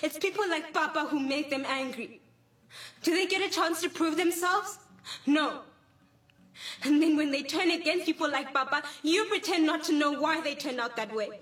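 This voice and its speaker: A woman's voice: sits high, moderate pace, a bit bright. A woman playing a rebellious teenage daughter, tearful and defiant. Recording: echoey room, distant mic, faint music.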